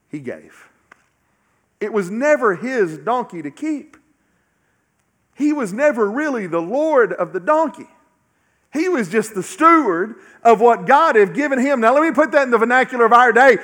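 High-voiced pastor preaching emphatically. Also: male voice, expressive, normal speed. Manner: emphatic, repetitive, often dropping to a low quiet finish. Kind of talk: sermon. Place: church.

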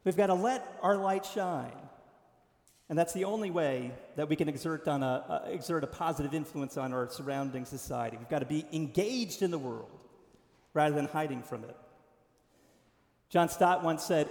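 A man preaching a sermon as pastor, emphatic, rising to stressed lines and then dropping soft. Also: on the high side, normal speed. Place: church sanctuary. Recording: echoey sanctuary with long reverb.

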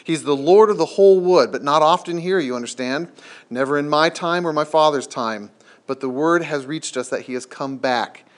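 A man's voice: on the high side, moderate pace, lightly acted. A man voicing a talkative, gloomy male beaver while reading a storybook aloud. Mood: eager.

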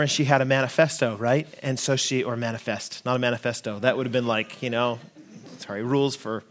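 Brief: American male pastor in his forties, funny, self-deprecating sermon anecdote to a congregation. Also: mid-range voice. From United States. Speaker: lead pastor. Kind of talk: sermon storytelling.

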